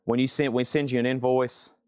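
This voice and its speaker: A man's voice: mid-range voice, level tone, clean tone, no room sound, studio quality. Chatty man running a live record auction. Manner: quick, chatty listing of titles and prices.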